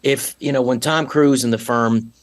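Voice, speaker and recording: A man's voice: mid-range voice, steady tone, moderate pace. A man appearing as a podcast guest, explaining his views in an earnest, instructive way. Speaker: guest actor. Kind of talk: casual chat.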